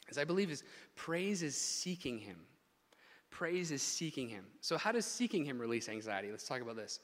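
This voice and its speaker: A man delivers a sermon in a church hall, talking emphatically and restarting his phrases as he builds up. His voice sits a little high for a man. A long reverb from the large hall trails behind each phrase. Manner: animated, emphatic preaching with restarts. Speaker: pastor.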